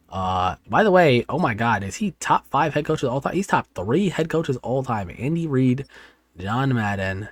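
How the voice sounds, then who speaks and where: A man's voice: mid-range voice, very animated, moderate pace, soft background music. A tired young man giving frustrated, profane commentary on his football video game season as a gaming YouTuber. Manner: swearing, frustrated rambling. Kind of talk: casual gameplay commentary.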